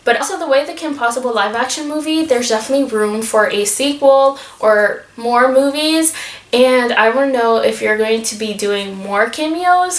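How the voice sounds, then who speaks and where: A woman's voice: on the high side, roomy sound. A young woman vlogging to camera, gushing with enthusiasm, with plenty of fillers. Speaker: YouTube vlogger asking a celebrity fan questions. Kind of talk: casual fan vlog to camera.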